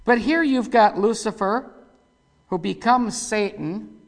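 A preacher man with a gravelly, fry-edged voice delivers a rough, folksy sermon full of sudden loud bursts. His words ring out with a long hall reverb behind them. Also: high voice, slow pace.

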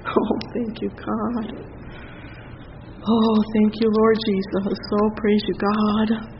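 A man's voice: sits high, level tone, takes it slowly, recorded from a distance, noisy background. A man preaching and praying fervently in a church service, often exclaiming "oh" and "praise the Lord". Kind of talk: sermon and prayer. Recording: dull lo-fi church recording with long reverb.

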